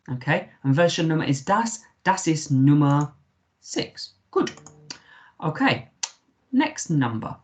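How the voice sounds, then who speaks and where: An English-accented primary school teacher gives a recorded remote lesson, patiently sounding out words letter by letter. His voice is slightly high, expressive and unhurried.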